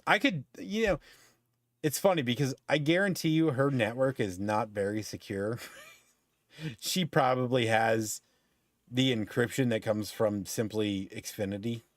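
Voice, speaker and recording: A man's voice: lowish voice, unhurried, dry recording. Profane, ranting man with a dry sound. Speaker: podcast host. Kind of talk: casual chat.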